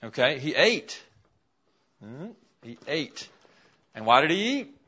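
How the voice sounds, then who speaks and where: A man's voice: fairly high pitch, big pitch swings, slow, bright, forceful tone, breathy edge. A man teaching an interactive Bible lesson in a classroom, asking his class questions as he writes a list on the board. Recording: dull, lo-fi classroom recording.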